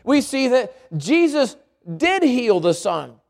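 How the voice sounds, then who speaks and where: A man with a very high voice preaches to a congregation. His scripture reading drops lower, and between verses he explains in his own words, repeating words as he goes and putting questions to his listeners. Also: sing-song, takes it slowly, creaky.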